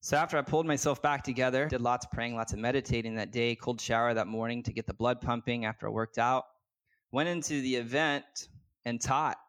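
This man's medium-pitched voice is steady and fairly bright, moving a little fast. He's a guest business coach earnestly telling a personal story in conversation, candid and from the heart, stumbling through many fillers and restarts.

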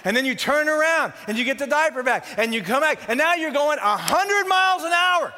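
A man in his forties preaching a sermon, telling animated stories and acting out scenes. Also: extremely high pitch, a little fast, slight background noise. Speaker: pastor. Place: large church worship center. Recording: long hall reverb.

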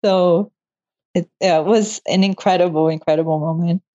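A woman's voice: lowish voice, fairly even intonation, normal speed, warm tone. A young woman guest and medical student telling her story in a casual interview, laughing often. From moved to Canada. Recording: muffled lo-fi audio.

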